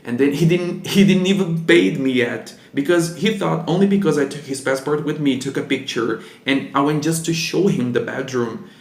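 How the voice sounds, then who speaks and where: A man with a Portuguese accent casually telling a story, lively and acting out the people in it. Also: fairly high pitch, moderate pace, gravelly. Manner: animated, acts out the people in his story. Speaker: vlogger. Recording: echoey room.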